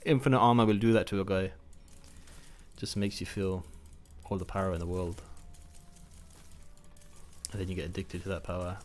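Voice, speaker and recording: Gaming host, a man with a lowish voice, thinks out loud, loose and self-mocking, faint hiss behind. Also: fairly even intonation, normal speed, pauses often. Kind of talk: casual gameplay commentary.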